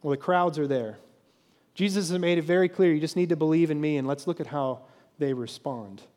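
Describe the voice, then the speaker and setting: Guy preaching a sermon, kinda high voice, acts out the crowd, long church echo. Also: fairly quick, a little mellow. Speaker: pastor.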